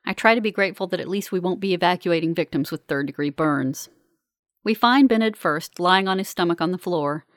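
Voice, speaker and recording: A woman reading a first-person story aloud in a calm, measured, earnest way. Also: lowish voice, no room sound, studio quality. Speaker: narrator. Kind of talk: first-person audiobook narration.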